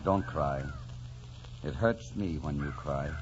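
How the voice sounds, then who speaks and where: An actor playing Heathcliff, a brooding, passionate young man, in 1940s radio acting with a deep, intense voice. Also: takes it slowly, background noise. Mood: tender. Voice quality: deep and intense, shifting between murmur and outburst. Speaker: lead actor. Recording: dull lo-fi 1940s radio recording.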